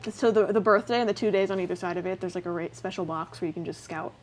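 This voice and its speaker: A woman's voice: on the low side, fast, a little hiss or hum. A young woman hosting a let's-play, chatting casually, swearing freely and rambling off-topic. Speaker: host playing the game.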